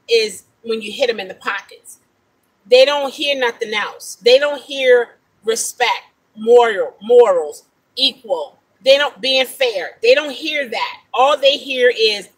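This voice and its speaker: Husky-voiced woman in an animated vlog. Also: fairly high pitch, rough recording. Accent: African-American English. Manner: animated, incredulous storytelling. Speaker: rideshare driver vlogger. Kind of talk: casual talking-to-camera vlog.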